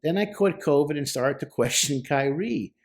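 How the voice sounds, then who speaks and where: A man's voice: a little high, animated, moderate pace. A middle-aged man, a therapist, talking casually about song lyrics, stressing points by repeating words. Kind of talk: casual commentary.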